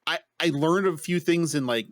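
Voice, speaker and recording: A man co-hosts a podcast, retelling a late-night mix-up with lots of swearing and lively energy. His voice sits a little on the high side and sounds close and dry, with no room around it. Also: normal speed, dry recording. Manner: profane, animated storytelling. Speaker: podcast co-host. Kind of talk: casual chat.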